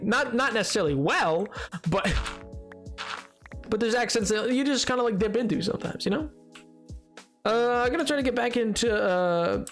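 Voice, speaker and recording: A man streaming a game, chatting casually and excitably with his viewers. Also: high-pitched. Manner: chatty and excitable, reacting to chat. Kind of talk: casual chat while playing.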